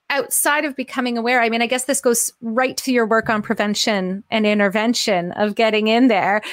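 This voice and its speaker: A woman's voice: a little high, no echo, studio quality. A middle-aged woman hosting an interview, talking enthusiastically and thinking aloud in long, winding questions. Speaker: podcast host. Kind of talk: conversational interview.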